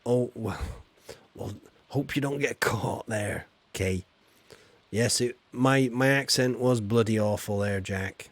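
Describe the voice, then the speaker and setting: A man's voice: medium pitch, slow pace, no room sound. Chatty Yorkshire man streaming. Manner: chatty, self-deprecating, reads chat aloud. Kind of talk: casual livestream commentary.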